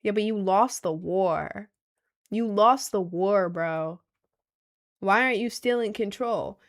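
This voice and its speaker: A woman's voice: mid-range voice, slow pace. A young woman streaming and reading her chat, giggly and rambling, full of slang and self-conscious asides. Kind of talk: casual live-stream chat.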